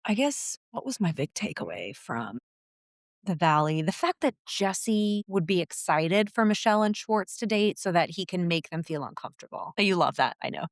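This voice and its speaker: A woman's voice: lowish voice, sing-song, normal speed, no room sound, clean studio sound. A woman co-hosting a podcast in casual chat, talking expressively with dramatic exclamations. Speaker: podcast co-host.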